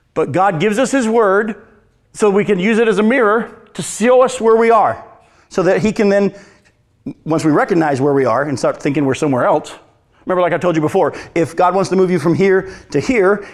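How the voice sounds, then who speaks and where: A male pastor preaching a sermon in a conversational way, asking the congregation questions and swinging between emphatic lines and hushed ones. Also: sits high. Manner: addresses congregation directly, asks questions.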